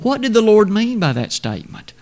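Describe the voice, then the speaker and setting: A man delivering a sermon with a slightly higher-than-usual voice. He preaches in a measured, emphatic manner, climbing and falling in pitch to drive home his points. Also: very animated, darkish tone.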